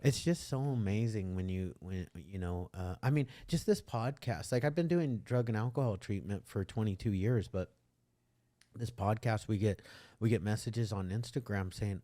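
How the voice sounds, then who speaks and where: A middle-aged man with a very low voice talks candidly in a casual podcast conversation. He rambles, trips over himself and restarts his sentences as he speaks. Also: moderate pace, warm tone. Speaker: podcast host.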